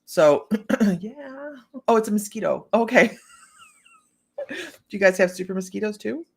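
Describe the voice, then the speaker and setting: A woman's voice: mid-range voice, expressive, measured pace, vocal fry, breathy edge. A woman from Ohio hosting a psychic reading livestream, chatting casually with viewers by name and laughing often as she reads cards. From Ohio, United States. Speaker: psychic reader and livestream host.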